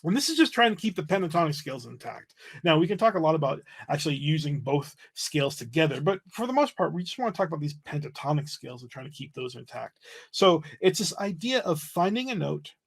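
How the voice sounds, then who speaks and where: A man teaching a livestream flute lesson, explaining in a relaxed way and checking in with "right?" as he goes. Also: a little high, fast, vocal fry, slightly rough.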